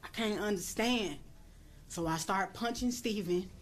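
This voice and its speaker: A woman's voice: medium pitch, unhurried. Woman giving blunt, profane courtroom testimony. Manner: blunt, profane, re-enacts quotes in a raised voice. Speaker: defendant at a plea hearing.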